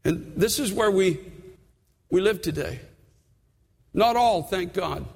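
A man preaching a sermon, earnest, often repeating words and slowing down to stress a point. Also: high voice, lively intonation, creaky, husky, in a large hall.

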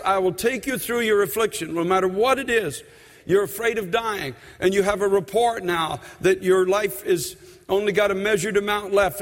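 High-pitched guy preaching hard, slow drawn-out emphasis, big church echo. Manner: impassioned preaching, slows and drawls for emphasis. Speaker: pastor. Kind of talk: sermon. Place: church sanctuary.

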